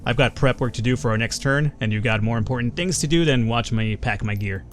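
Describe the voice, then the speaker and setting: A man's voice: mid-range voice, brisk, soft background music, natural voice. A man reading out the lines of a blunt, tough female mercenary from a game in his own voice. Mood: terse. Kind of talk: reading game dialogue aloud.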